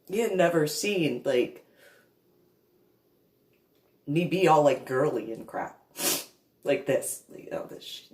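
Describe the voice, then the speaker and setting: A woman telling a painful family story to camera, in a halting, emotional way full of trailing restarts. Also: deep voice, a little mellow. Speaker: vlogger recounting a family conflict. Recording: echoey room.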